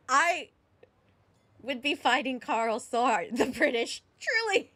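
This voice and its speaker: A young woman streaming a game reaction, giggly and animated as she reacts out loud in casual chat. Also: high-pitched, slow.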